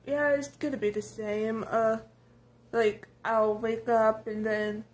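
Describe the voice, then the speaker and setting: Young woman, 19, high voice, slow drawn-out talk, giddy and rambling, home vlog on a phone. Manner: giddy, rambling, breathless excitement. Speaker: vlogger. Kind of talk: casual birthday vlog. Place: at home at night by a TV.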